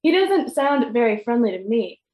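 A woman voicing a kind, lonely male monster who speaks softly and stammers when afraid. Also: a little high, very animated, moderate pace. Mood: hopeful. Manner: soft, whimpering, stammering.

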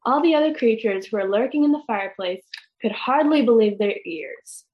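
A woman reading a children's story aloud, gentle and expressive, with small stumbles. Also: fairly high pitch, moderate pace. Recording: dull lo-fi recording.

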